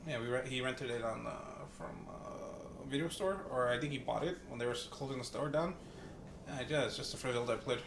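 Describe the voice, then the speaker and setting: A man co-hosts a podcast, chatting casually and offhandedly. He talks quickly in a slightly high voice. The room echoes, and clear background noise runs underneath. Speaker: podcast co-host. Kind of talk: casual chat.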